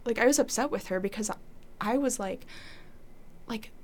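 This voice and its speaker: A woman's voice: a little high, normal speed, darkish tone. A young woman telling her faith story in a casual, rambling way, full of "like" fillers, often acting out her past thoughts. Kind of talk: casual testimony conversation.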